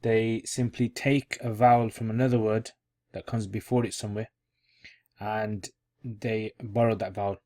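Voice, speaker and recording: A man's voice: fairly low pitch, level tone, moderate pace, a little mellow. A man teaching an online Arabic grammar lesson in a casual, repetitive way, restating each key term as he explains it. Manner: casual, repeats key terms, thinks aloud while explaining.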